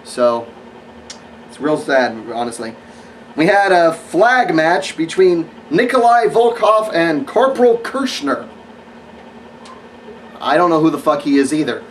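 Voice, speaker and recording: Sarcastic dude rambling through a wrestling review, kinda high voice, mic a bit far off. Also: male voice, lively intonation, a little slow, long pauses, slight background noise. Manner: rambling, sarcastic, lots of fillers. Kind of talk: casual spoken review.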